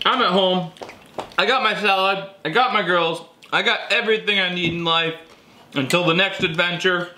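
A man's voice: high voice, bright, forceful tone, reverberant, slight background noise. A man hosting a survival vlog, chatting playfully and teasing at a home lunch table, laughing often. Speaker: survival vlogger and channel host. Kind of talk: casual family chat to camera.

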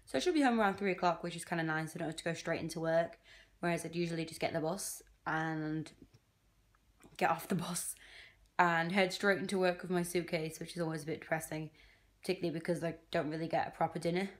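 A woman's voice: lowish voice, fairly even intonation, fast talker. A young woman talking casually to camera in a vlog, chatty and self-deprecating, sometimes trailing into a near-whisper. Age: young adult. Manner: drops to a near-whisper at times. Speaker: vlogger, university student.

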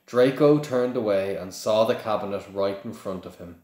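A man's voice: on the low side, moderate pace, hardly any pauses, a little mellow. Man reading a novel aloud, echoey. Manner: amateur reading with small slips and restarts. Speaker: reader. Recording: echoey room.

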